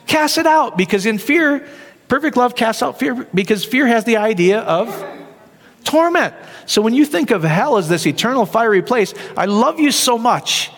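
A man preaching a sermon, animated, often tossing rhetorical questions to the crowd. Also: very high voice, normal speed. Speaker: pastor. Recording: long hall reverb.

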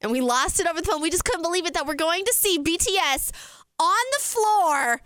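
A young woman telling a story casually, animated and laughing often, with a lot of "like" in her talk. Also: very high voice, quick pace, no echo. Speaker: podcast host.

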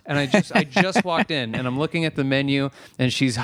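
A man co-hosting a podcast, telling stories in a lively, casual way with plenty of swearing. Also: mid-range voice, brisk, no room sound. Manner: animated storyteller, swears freely. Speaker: podcast co-host. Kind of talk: casual chat.

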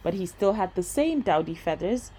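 A woman reading a bedtime story aloud in a gentle, steady voice. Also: medium pitch, normal speed, husky, rough recording.

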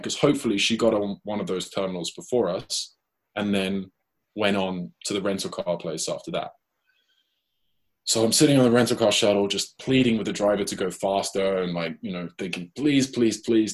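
A man with a British accent, a guest telling a lively anecdote in casual chat and acting out the quoted lines. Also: on the low side, slightly rough. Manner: lively anecdote, acts out his own and others' quoted lines. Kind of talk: casual storytelling.

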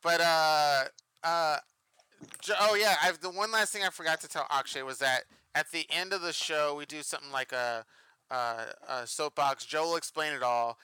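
A man's voice: on the high side, normal speed, sharp tone, clear, resonant tone, dry recording. A young man hosting a podcast in casual chat, laughing often and swearing freely. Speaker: podcast host.

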